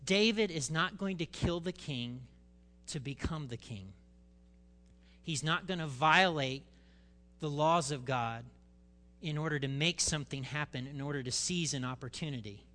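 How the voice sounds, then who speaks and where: A male pastor preaching a sermon, reading scripture and retelling it with animated, dramatic emphasis. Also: a little high, moderate pace, big-room sound.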